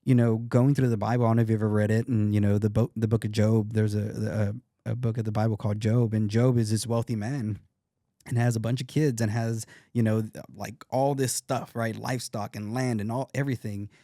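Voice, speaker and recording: A man's voice: lowish voice, flat delivery, brisk, warm tone, no echo, studio quality. A man in his thirties, a podcast guest, talking earnestly and reflectively, often restarting his sentences. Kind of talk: casual interview talk.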